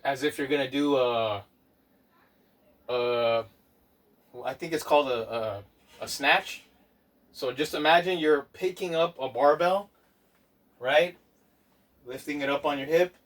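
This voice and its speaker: Unhurried man coaching a home workout. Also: fairly high pitch. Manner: counts reps aloud, gives slow step-by-step tips. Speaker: fitness instructor. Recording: voice from a distance off the mic.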